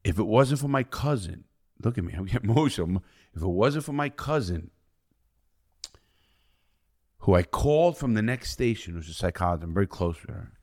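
Speaking quickly and expressively, a middle-aged U.S. man who served time swears constantly as he shares frank stories as a podcast guest. Loud eruptions alternate with quiet, low asides.

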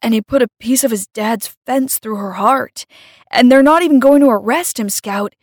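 A woman voicing a shy, earnest teenage boy vampire in a fiction reading, speaking in a hushed, halting, confiding way. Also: mid-range voice, gravelly, dry recording, clean studio sound. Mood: upset. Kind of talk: audiobook-style fiction reading.

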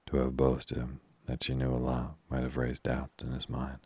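A man narrates a classic novel as a sleep story in a slow, soothing, steady way. His voice is extremely deep and breathy-husky, with almost no melody. The recording is close and completely dry. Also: no echo. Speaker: audiobook reader.

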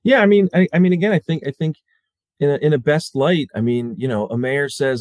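A man with a fairly high, slightly mellow voice, recorded dry, is a guest in a casual conversation. He keeps halting and restarting, and acts out quotes.

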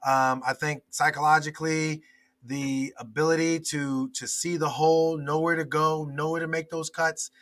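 Former player, male, guest analyst. Bright and a little high, hesitant, repeats words. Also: flat delivery. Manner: hesitant, halting with many restarts. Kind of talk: casual podcast chat.

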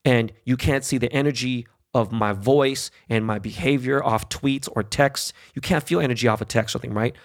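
Podcast host, male, mid-pitched with a gravelly edge; angry profane monologue, punches every point with "okay?". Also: moderate pace, hardly any pauses. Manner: angry, blunt, heavy swearing, frequent "okay?" and "right?". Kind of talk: profane political rant.

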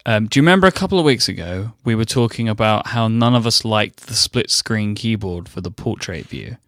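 A man's voice: on the low side, lively intonation, brisk, a bit bright, no echo, clean studio sound. A man co-hosting a podcast in casual, joking chat. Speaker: podcast co-host.

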